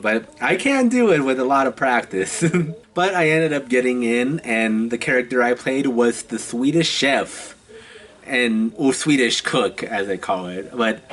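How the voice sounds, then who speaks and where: A man in his twenties telling stories in a casual vlog, chatty and halting, often laughing between phrases. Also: mid-range voice, a bit bright. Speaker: vlogger.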